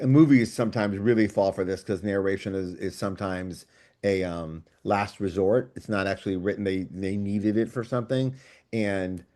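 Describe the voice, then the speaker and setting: Appearing by video call on a book club show, a writer with a lowish voice chats casually. He thinks aloud with plenty of enthusiasm and goes off on long digressions.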